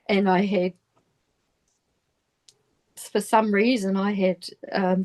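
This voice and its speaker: A middle-aged woman from New Zealand, speaking with a New Zealand accent in a voice of middling pitch. She is a podcast guest telling a personal story, and her speech halts often, full of restarts and phrases that trail off. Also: darkish tone.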